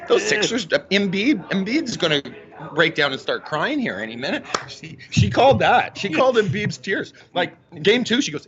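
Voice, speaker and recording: A man, a guest comedian chatting in a bar and telling animated stories. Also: sits high, muffled recording. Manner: animated storyteller, quick banter. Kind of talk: casual interview chat.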